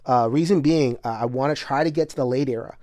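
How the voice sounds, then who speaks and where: A man's voice: mid-range voice, quick pace, a little mellow, dry recording, studio quality. A man casually talking through a solo board game, chatty and full of filler words, bursting into laughter now and then. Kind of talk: casual solo playthrough commentary.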